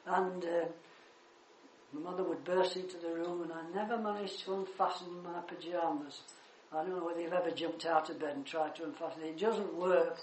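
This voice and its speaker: Older male preacher, lively anecdotal sermon delivery, recorded in a reverberant church room. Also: a little high, a little fast, slight background noise. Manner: animated storytelling, swells loud on key words.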